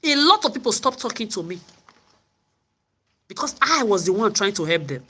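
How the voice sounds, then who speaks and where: A middle-aged woman delivers a furious, repetitive monologue to camera. Her voice is husky, and its pitch sits in the middle. She keeps challenging her listener directly. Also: sing-song, normal speed, sharp tone. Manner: confrontational, ranting, repetitive. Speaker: vlogger.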